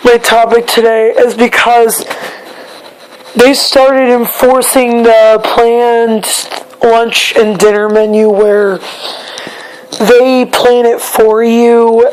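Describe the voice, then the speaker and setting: A young woman, a bit hoarse, talking in a casual personal vlog, halting and repeating herself as she searches for words. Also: on the high side, level tone, a little mellow, slight background noise, rough recording. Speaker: vlogger.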